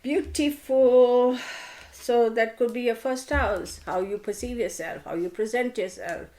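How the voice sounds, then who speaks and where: A woman's voice: fairly high pitch, normal speed. Chatty woman reading tarot cards. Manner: animated, chatty, playfully scolding. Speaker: tarot reader. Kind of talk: casual tarot card reading to camera.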